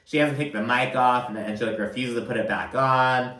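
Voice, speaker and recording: A man's voice: mid-range voice, steady tone, brisk, fairly bright tone. A man hosting a casual reality TV recap, chatty and profane, quoting people in exaggerated voices. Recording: roomy echo.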